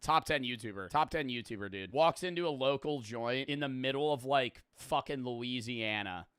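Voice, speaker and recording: A man's voice: medium pitch, normal speed, smooth, dry recording, clean studio sound. A man rambling through a casual reaction to a video, swearing freely and jumping between thoughts. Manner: rambling, profane, excitable.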